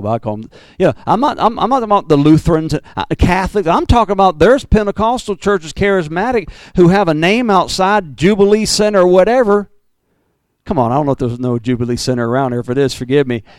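A man preaching a fiery Pentecostal sermon, swinging from loud bursts to low, intense asides. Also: no room sound. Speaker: pastor.

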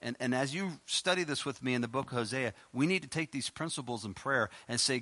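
A male preacher delivers a sermon in a bright, forceful voice. He reads scripture passages aloud with rising emphasis and breaks in with rhetorical questions. He ends in a spoken prayer. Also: mid-range voice, fairly quick, hardly any pauses.

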